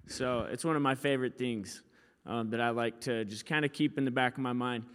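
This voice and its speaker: A man's voice: on the high side, in a large hall. A young man preaching a sermon as pastor, in a casual, storytelling way with frequent fillers. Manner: casual, storytelling, animated when quoting.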